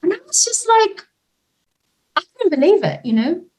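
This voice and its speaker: A woman in a casual interview, telling a personal story with lots of fillers and lively retellings. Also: very high voice, normal speed, background noise. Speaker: guest, nonviolent communication trainer.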